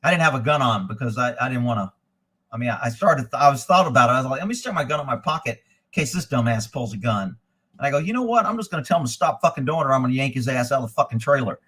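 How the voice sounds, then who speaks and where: Profane, animated man telling a story. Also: medium pitch, fast talker, slightly rough. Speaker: host. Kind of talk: casual live-stream storytelling.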